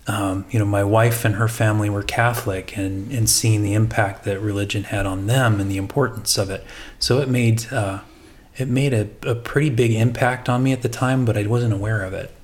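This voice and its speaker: A man's voice: on the low side, fairly even intonation, a little fast, few pauses. A man co-hosting a casual faith podcast, talking reflectively with frequent restarts. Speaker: podcast co-host. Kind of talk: casual discussion.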